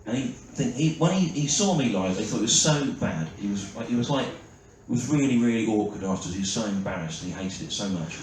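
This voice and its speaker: A man's voice: on the low side, expressive, a little fast, hardly any pauses. A man doing a stand-up routine, self-mocking and sardonic, with frequent "right?" asides. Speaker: stand-up comedian. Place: large theatre stage. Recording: echoey theatre from far off, loud noise. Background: audience laughter.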